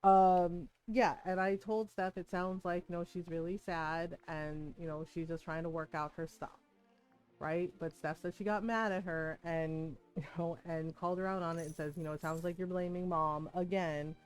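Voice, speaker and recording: A woman's voice: lowish voice, steady tone, normal speed, darkish tone, smooth, soft background music. Candid swearing woman in her forties. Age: 40s. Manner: candid, swears freely, breaks into laughs. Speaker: streamer. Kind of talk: casual venting chat while gaming.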